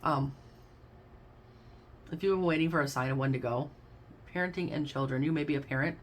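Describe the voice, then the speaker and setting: Low-voiced woman reading tarot cards. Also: brisk, a little hiss or hum. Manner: chatty and effusive, addresses listeners as babes and y'all. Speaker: tarot card reader.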